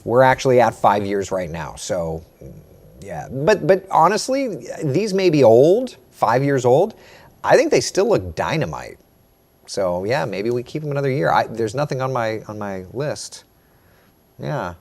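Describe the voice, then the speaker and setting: A meteorologist hosting a casual live morning chat, reading viewer comments aloud and answering them. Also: male voice, mid-range voice, very animated, a little slow, darkish tone. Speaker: meteorologist host.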